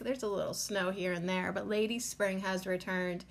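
With a steady tone, vocal fry, and normal speed, this woman speaks in a mid-range voice on her own podcast. Her casual monologue rambles with lots of "like" fillers, and she is tearful and emotional, trying not to cry.

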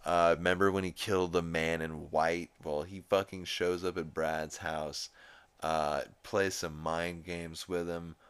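A man hosting a podcast recaps a cartoon episode, rambling casually, swearing frequently and quoting characters. His voice is low and fairly bright with a clean, level tone, and he speaks a little slowly.

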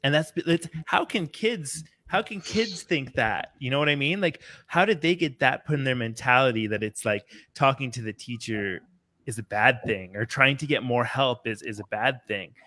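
A man chatting casually and throwing himself into little acted-out scenes. His pitch is ordinary. The sound is dry and close, with no room around it. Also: normal speed, no echo. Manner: animated storyteller, acts out quotes. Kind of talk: casual chat.

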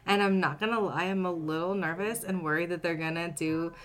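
A woman co-hosting a podcast in casual chat, opinionated and animated, slipping into mock voices to make her point. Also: fairly low pitch, a little fast, slight background noise. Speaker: podcast co-host.

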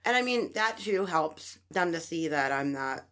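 A woman's voice: deep voice, a little slow. A woman guest and mother of sons, talking candidly and animatedly, acting out her kids and laughing at herself. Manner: animated, acts out her kids' whiny voices, laughs at herself. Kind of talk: candid casual chat.

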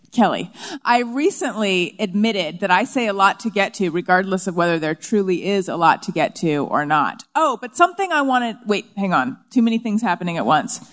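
A woman hosting a live comedy podcast on stage before an audience, candid and quick to laugh. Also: on the low side, big-room sound. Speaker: podcast host.

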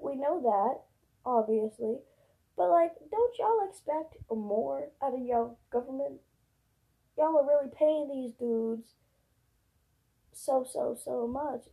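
Gravelly-voiced young woman ranting profanely. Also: high voice, measured pace, mellow. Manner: profane, rambling rant with many fillers. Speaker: vlogger. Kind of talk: casual ranting monologue.

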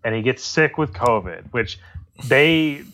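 A man's voice: medium pitch, lively intonation, a little slow, a bit bright. A man co-hosting a podcast, rambling and sarcastic in casual political chat, swearing freely. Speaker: podcast co-host.

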